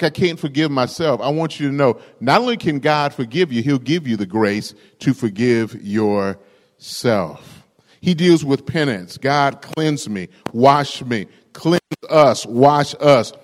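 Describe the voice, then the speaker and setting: A man's voice: medium pitch, long reverb tail. A male pastor preaching a rousing sermon, calling out to the congregation for responses.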